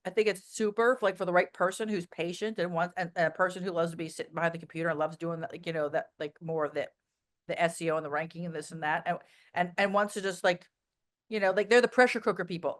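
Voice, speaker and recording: A woman guest in a casual interview, talking bluntly and telling animated stories with plenty of fillers. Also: fairly low pitch.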